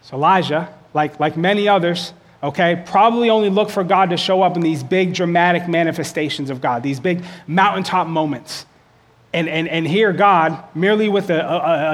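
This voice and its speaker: A male pastor giving a conversational sermon. He repeats words and often checks in with "okay?". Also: high voice.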